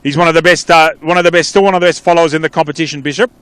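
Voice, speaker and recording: An Australian play-by-play commentator calls a local footy match live, his clear, resonant, slightly bright voice sitting a bit higher than most men's, with a steady tone. The sound is dry and close, with no room sound around it. He speaks in quick bursts and drifts off into chatty asides.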